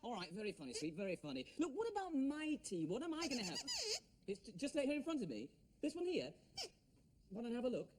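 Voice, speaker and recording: A man's voice: very high-pitched, wildly swooping pitch, fast talker, background noise. A man presenting a children's TV show, playful and often breaking into laughter. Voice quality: playful, laughs at his own jokes. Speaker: children's TV host.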